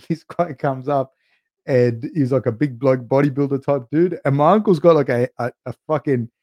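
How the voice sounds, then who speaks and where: A man's voice: medium pitch, darkish tone, no room sound, studio quality. A young man hosting a podcast, telling rambling stories in a loose, casual way, full of "like" and "dude" and the odd swear word. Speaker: podcast host and coach. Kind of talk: casual chat, rambling storytelling.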